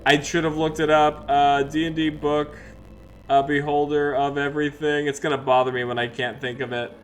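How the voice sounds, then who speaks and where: A man's voice: on the high side, level tone, moderate pace, slight background noise. A man hosting a live-streamed solo tabletop game, talking casually and rambling with many fillers. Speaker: host and game master.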